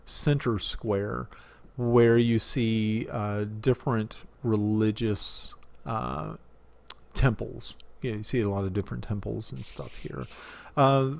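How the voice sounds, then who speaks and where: A man narrating as dungeon master of a tabletop game, halting often with fillers and restarts. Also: mid-range voice, vocal fry, darkish tone.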